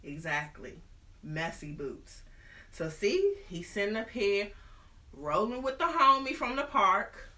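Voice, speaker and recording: A woman host retelling a story in an animated, slangy, comic way. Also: mid-range voice, slow pace. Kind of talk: casual storytelling.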